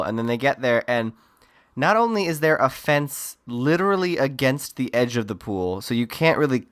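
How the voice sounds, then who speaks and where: A man's voice: medium pitch, animated, normal speed, a bit bright, clean tone, dry recording, clean studio sound. A man co-hosting a podcast in casual chat, musing in a rambling way full of fillers. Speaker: podcast co-host.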